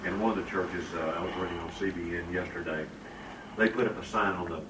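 A man in a Bible class answering a question, hesitant and halting as he speaks. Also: low voice, steady tone. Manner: hesitant, with many fillers. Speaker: class member. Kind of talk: class discussion. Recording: distant roomy recording with background noise.

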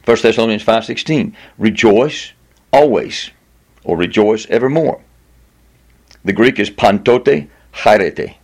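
A male pastor preaching a sermon, reading scripture aloud and leaning hard on key words, slowing down and lifting his voice for emphasis. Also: lowish voice, expressive. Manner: reads scripture aloud with stress on repeated words.

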